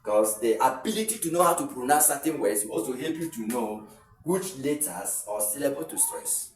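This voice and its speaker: A man's voice: mid-range voice, animated, normal speed. A Nigerian man gives a video exam lesson, explaining step by step and repeating the key points. His voice sounds roomy and a little distant from the mic, with faint music underneath. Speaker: exam tutor.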